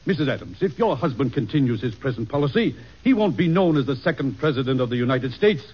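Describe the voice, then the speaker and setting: A proud, hawkish statesman in old-time radio-drama style, stiffly formal and fiery when roused. His voice is husky. The recording is dull and lo-fi. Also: medium pitch, lively intonation, fast. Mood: indignant. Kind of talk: 1940s radio acting.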